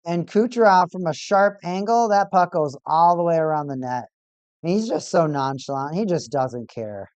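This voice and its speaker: A streamer casually commenting on a live hockey game for a watch party, getting excitable over goals and repeating stats aloud. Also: medium pitch, normal speed, dry recording. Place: home streaming setup.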